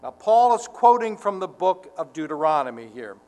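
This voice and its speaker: Male pastor, high voice, unhurried fervent sermon delivery, long church reverb. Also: big pitch swings, a little mellow. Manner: earnest, slow and deliberate, swelling to fervent emphasis.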